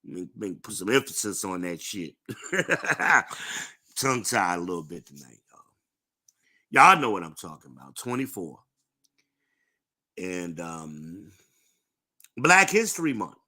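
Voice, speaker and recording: Podcast host, man, middle-aged; slow, lecturing delivery, bright tone. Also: fairly low pitch. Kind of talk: live-streamed podcast monologue.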